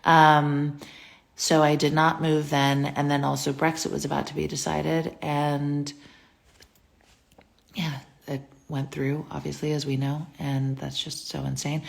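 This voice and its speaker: Low, gravelly young woman chatting casually. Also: flat delivery, unhurried. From United States. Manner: chatty, rambling, many fillers. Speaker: live stream host answering viewer questions. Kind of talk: casual live stream chat. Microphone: phone.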